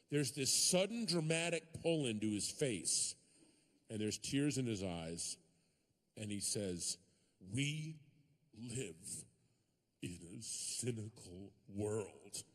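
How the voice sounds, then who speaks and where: A man performing stand-up comedy, telling stories with animated swings and sudden shouted punchlines. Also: on the high side. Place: comedy stage before a live audience.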